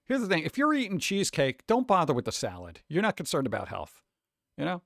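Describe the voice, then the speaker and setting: Reacting to his chat on a casual livestream, a New York-accented host sounds sarcastic and mock-exasperated. His slightly high voice swoops wildly in pitch, moves fast, and carries vocal fry. The recording is dry and close, with almost no room sound.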